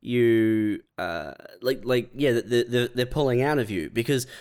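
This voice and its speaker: A man's voice: mid-range voice, measured pace, a little mellow, smooth. A man co-hosting a podcast, riffing on comic hypotheticals in casual chat. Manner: laid-back, riffing in hypotheticals. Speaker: podcast co-host.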